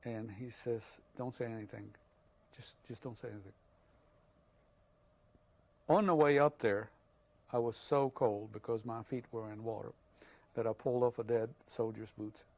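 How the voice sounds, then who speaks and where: An older man tells his story in a halting, unhurried way, pausing often on fillers. He speaks at an ordinary middle pitch, as an interviewee recalling events from his own life. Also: fairly even intonation, a little mellow, no room sound. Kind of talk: oral history testimony.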